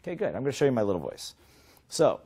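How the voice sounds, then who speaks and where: A middle-aged man teaching a sales seminar in a lively way, often asking his listeners questions. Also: medium pitch, fast talker, slightly rough. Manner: lively, asks the audience questions. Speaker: sales trainer.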